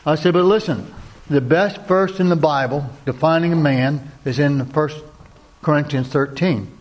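Male speaker, slightly higher voice, earnest sermon-style talk to men, repeats phrases, asks the room questions. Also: normal speed. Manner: earnest, repeats key phrases, tells stories; asks the audience direct questions. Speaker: Christian men's ministry speaker. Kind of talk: sermon-like talk to a men's group.

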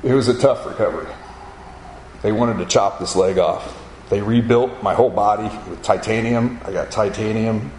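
Telling his personal story vividly to an audience, a man acts out the voices of the people in it. His lowish, darkish voice moves at a moderate pace. The rough recording is reverberant, with slight background noise.

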